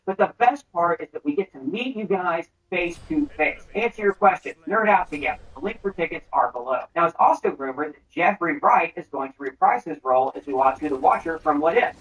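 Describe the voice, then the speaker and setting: A man hosting a film trailer breakdown, with brisk, enthusiastic commentary. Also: sits high, fairly bright tone, rough recording. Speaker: host.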